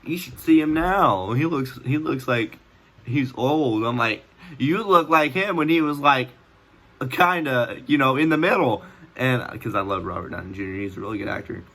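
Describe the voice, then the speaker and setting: A teenage boy tells a story casually at home with a bright, sharp voice. He rambles, restarts his sentences, leans on fillers and laughs now and then. His pitch sits at an ordinary middle height for a young man. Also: expressive, moderate pace. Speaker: vlogger.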